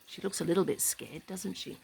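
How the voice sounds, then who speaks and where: A woman reading a picture book aloud to children, animated, with gasps, hushed asides and questions to the listener. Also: on the low side, a little fast, gravelly, slight background noise, low-quality recording. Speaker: storybook reader.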